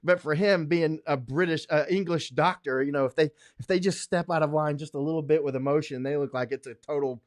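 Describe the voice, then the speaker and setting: A man's voice: fairly high pitch, fairly quick, few pauses, no room sound, clean studio sound. An American man hosting a casual livestream, rambling in a folksy way, often laughing between thoughts. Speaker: livestream host.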